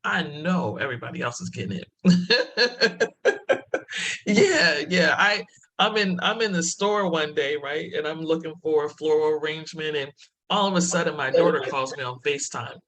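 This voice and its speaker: A woman's voice: low voice, brisk, fairly bright tone. A woman speaking as a diversity presenter in a webinar talk, telling stories, laughing often and restarting her phrases.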